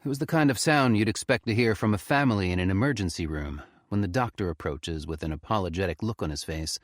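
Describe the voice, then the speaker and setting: A man reading a horror story aloud with expressive, tense storytelling. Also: lowish voice, fast talker, no echo, clean studio sound. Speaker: audiobook narrator. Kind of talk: scripted horror narration.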